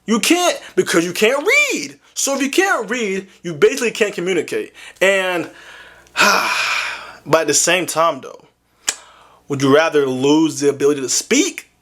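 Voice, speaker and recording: A young man with a fairly high voice hosts a casual video game. His pitch swings widely as he talks. He is animated and slangy, and breaks into loud exclamations often. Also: measured pace. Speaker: gaming video host. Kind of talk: casual commentary to camera.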